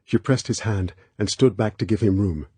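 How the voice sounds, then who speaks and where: A man reading an audiobook aloud as scripted narration in a measured, tense way. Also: fairly low pitch, mellow, slightly rough, no echo. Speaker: audiobook reader.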